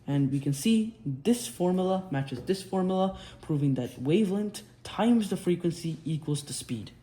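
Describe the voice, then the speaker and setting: A young man with a high, warm, expressive voice talks through physics at a moderate pace, drawing on a whiteboard like an easygoing tutor. Restarts and self-corrections come up often. Faint background noise and a roomy echo are audible.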